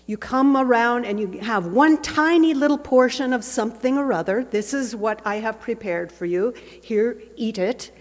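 A woman pastor delivering a sermon in a conversational, gently humorous way, recorded in a church. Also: a little high, moderate pace, hardly any pauses. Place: church sanctuary. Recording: echoey church hall.

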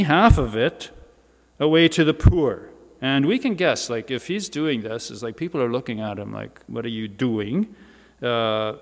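A man giving a sermon in a church, speaking in a conversational way with informal asides. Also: mid-range voice. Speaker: preacher. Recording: reverberant church hall.

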